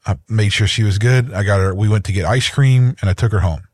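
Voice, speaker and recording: Casual podcast co-host, man in his thirties, rambling storyteller, lowish voice, dry sound. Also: fairly quick, darkish tone, dry recording. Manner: rambling, with frequent restarts and repeated words. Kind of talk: casual chat, personal storytelling.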